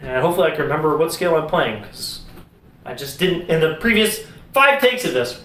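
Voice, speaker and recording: A young man giving a casual video music lesson, relaxed, explaining as he demonstrates on his instrument. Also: a little high, fairly quick. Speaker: music teacher. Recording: echoey room.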